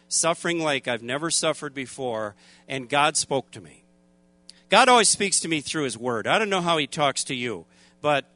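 High bright-voiced preacher. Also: male voice, dry recording. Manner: animated, folksy, laughs often, acts out voices. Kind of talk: storytelling sermon.

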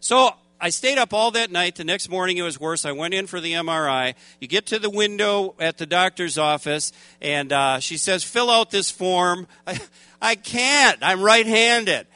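Man, folksy storytelling preacher, bright tenor, dry mic. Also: sits high, moderate pace, dry recording. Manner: animated, folksy, laughs often, acts out voices. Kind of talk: storytelling sermon.

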